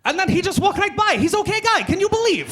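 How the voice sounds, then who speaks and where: An excitable Croatian man, as a comedian puts him on, spins a story in broken English and a thick put-on accent. His voice jumps far above the speaker's own and carries well. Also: very high voice, quick pace, noisy background, voice pushed up. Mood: amazed.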